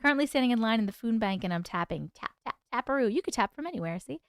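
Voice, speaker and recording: A woman's voice: fairly high pitch, animated, racing, no echo, studio quality. A woman hosting a casual livestream chat, greeting viewers by name, reading their comments aloud and laughing often. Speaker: livestream host.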